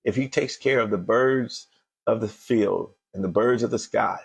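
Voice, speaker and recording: Husky-voiced man preaching with fervor. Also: on the low side, measured pace. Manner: emphatic, repeats phrases, builds to fervent exhortation. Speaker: motivational speaker, host of a daily show. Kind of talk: motivational sermon.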